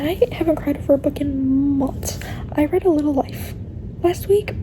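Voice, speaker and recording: A woman's voice: sits high, moderate pace, background noise. A young adult woman chatting casually in a reading vlog, rambling and earnest, often breaking into laughter as she talks about books. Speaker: book vlogger.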